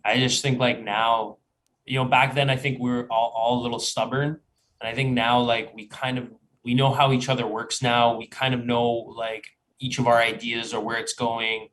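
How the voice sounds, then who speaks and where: A man around thirty, a band member in an interview, who speaks thoughtfully and haltingly as he searches for words. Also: medium pitch, flat delivery, fairly bright tone, a little hiss or hum, poor audio. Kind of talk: conversational interview.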